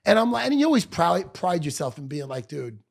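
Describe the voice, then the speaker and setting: A man's voice: sits high, sing-song, brisk, gravelly. A middle-aged man, telling a blunt, profane story as a guest in a podcast studio. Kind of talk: storytelling in conversation.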